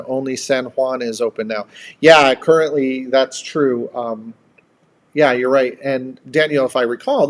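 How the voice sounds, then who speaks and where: A man of medium pitch co-hosting a casual live chat. He talks in long, easygoing stretches, stopping to read out viewer comments and thank people by name.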